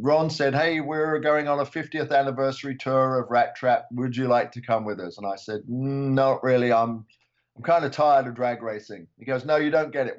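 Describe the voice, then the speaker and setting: A man's voice: mid-range voice, muffled recording. An older man from England, a podcast guest, chatting casually with many ums and restarts. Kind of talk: casual interview chat.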